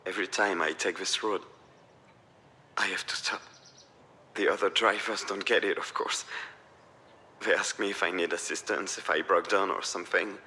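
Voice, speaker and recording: A man's voice: sits low, steady tone, normal speed, pauses often, pushed and bright, slight background noise. An actor playing a troubled middle-aged father in a visual novel, speaking in a subdued, confessional way. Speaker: game character.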